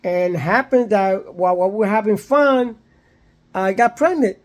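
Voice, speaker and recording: A man's voice: sits high, normal speed, close to an everyday voice. A man quoting an angry woman on the phone in a retold story, blunt and insistent.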